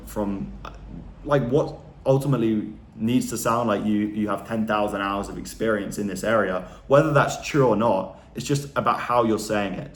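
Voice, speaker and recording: A young man giving a casual sales lesson, talking energetically and emphatically, often ending points with a quick tag question. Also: lowish voice. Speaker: sales coach. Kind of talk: casual instructional talk to camera. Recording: echoey room with faint background hiss.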